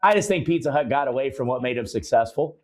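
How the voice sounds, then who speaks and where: Casting: male talk-show co-host, mid-range voice, lively mock-shocked delivery, easy chuckles. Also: medium pitch, quick pace. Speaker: podcast co-host. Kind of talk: casual chat.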